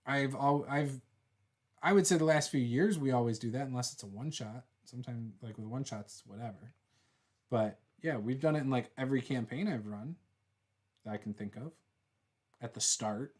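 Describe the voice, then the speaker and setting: A man hosting a casual chat as game master, reading out viewer comments in a relaxed, teasing and rambling way. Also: mid-range voice, normal speed.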